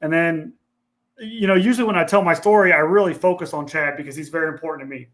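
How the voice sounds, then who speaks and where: A man's voice: a little high, fast talker, fairly bright tone. A man from Ohio, a veteran guest on a podcast, telling his personal story in a candid, earnest way and swearing casually. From Ohio, USA.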